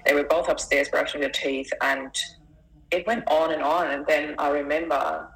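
A middle-aged woman with a very low, gravelly voice full of fry. She recounts a personal story as an interview guest, earnest and emotional. She often breaks off and restarts her sentences. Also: steady tone, normal speed, rough recording. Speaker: life coach, guest.

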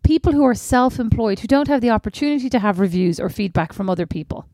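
A woman's voice: a little high, lively intonation, quick pace, dark tone, no room sound. Woman, older sister, podcast co-host, blunt, teasing, dry close mic. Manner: blunt, teasing, swears freely. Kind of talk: casual sisters' chat.

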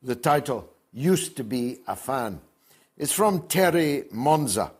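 Slow, combative older host. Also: male voice, mid-range voice, big pitch swings, husky. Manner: combative, reads viewer comments aloud. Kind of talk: opinionated call-in show talk.

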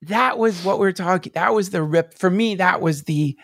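A man's voice: high voice, moderate pace, fairly bright tone, dry recording. A man on a podcast telling a personal story, rambling with many restarts and fillers, sometimes close to tears. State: near tears at times. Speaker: podcast guest.

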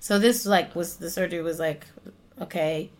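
A woman's voice: lowish voice, fairly quick. A young woman from the United States, an actress and singer, chatting in an interview and telling stories with frequent laughter. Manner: animated storytelling, laughs often. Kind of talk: casual interview chat.

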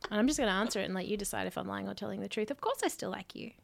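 A woman co-hosting a relaxed podcast, chatting casually. She tells her stories in an animated way and swears freely, with an average pitch and an unforced delivery. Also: racing, creaky, a little hiss or hum. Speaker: podcast co-host. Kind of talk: casual chat.

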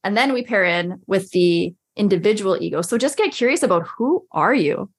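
A woman's voice: mid-range voice, animated, moderate pace. Chatty woman coach on a podcast, says like a lot, plays out her inner voice. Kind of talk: casual podcast chat.

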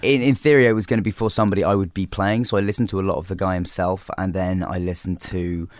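A young English man chatting as a guest in an interview, talking in quick bursts full of fillers and restarts. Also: low-pitched, steady tone, dry recording, studio quality. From England. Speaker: actor guest. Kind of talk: casual interview chat.

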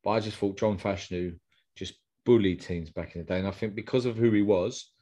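A low-pitched man, talking football in a relaxed, rambling way. He often circles back and repeats himself as he chats with his co-host on a fan podcast. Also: fairly quick. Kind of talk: casual chat.

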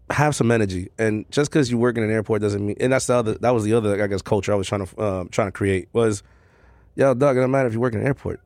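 A man's voice: lowish voice, quick pace, no room sound. A man chatting casually on a podcast about bartending, loose, profane and full of slang. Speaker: podcast co-host, airport bartender. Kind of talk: casual chat.

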